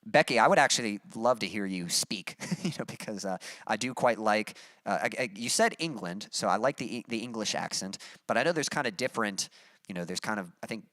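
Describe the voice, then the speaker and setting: A man with a mild Texas accent chats casually on his stream, answering viewers in a relaxed, rambling way full of fillers. His voice sits fairly low, and the sound is dry and close, with no room echo. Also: fairly quick. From Texas, USA. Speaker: musician streamer reading chat. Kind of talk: casual livestream chat.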